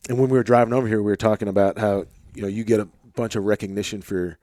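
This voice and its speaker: Male podcast host, arkansas twang, low-pitched, dry close sound, easygoing and rambly. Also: racing, no echo. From St. Louis, Missouri. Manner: relaxed, rambling, many fillers. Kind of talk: casual conversation. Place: home office.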